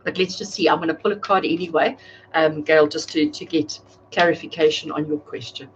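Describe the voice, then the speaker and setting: Speaking a little fast in a low, steady voice, a woman reads tarot live on camera from her home. She's conversational and calls viewers by name, while the audio has its highs cut off and slight background noise.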